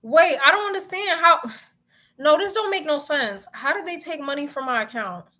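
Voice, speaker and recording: Bright-voiced young woman ranting casually. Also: sits high, normal speed. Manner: animated, profane and exasperated ranting. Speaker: vlogger. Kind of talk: casual chat to viewers.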